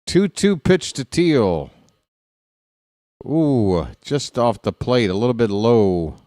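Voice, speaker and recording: At a slow pace, this fan play-by-play announcer lets pitches breathe and offers dry, wry commentary. His smooth, clear voice comes through close-miked with no room sound or echo, and he bursts into excited shouting on big hits.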